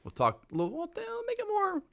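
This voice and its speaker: A Southern-raised podcast co-host talks quickly in loose casual chat. His voice rises and falls a lot, jumping from loud bursts to quiet asides, and he laughs easily. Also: very high voice, gravelly, crowd noise. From American South. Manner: animated, laughs often, swings loud and soft.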